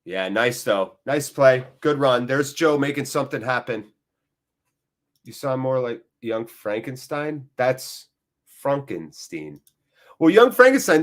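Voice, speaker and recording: Guy calling a match live on a watchalong stream, gets worked up then drifts into chat, average pitch. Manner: excitable, jumps between play-by-play and rambling asides. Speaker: host of a live football watchalong.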